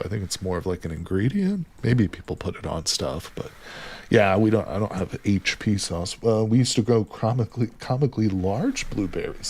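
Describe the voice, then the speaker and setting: Guy streaming a game, talks to chat a lot, lowish husky voice. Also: darkish tone. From United States. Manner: chatty, talks to viewers as "people". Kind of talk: casual gameplay commentary with chat.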